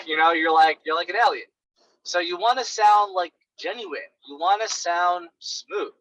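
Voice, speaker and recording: High, bright-voiced man coaching bluntly. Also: dry recording, highs cut off. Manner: animated, blunt, many fillers like "right" and "like". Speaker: sales coach. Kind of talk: casual coaching monologue.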